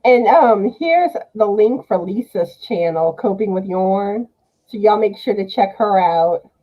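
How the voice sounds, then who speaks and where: A woman chatting as a guest on a live show, easygoing and quick to laugh. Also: medium pitch, lo-fi sound. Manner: slow and easygoing, laughs often. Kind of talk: casual chat.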